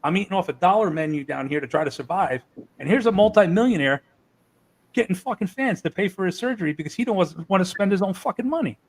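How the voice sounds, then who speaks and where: A man's voice: high-pitched, expressive, fast, breathy edge, poor audio. A man being interviewed, telling heated stories and swearing freely. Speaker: interview guest. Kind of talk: casual interview.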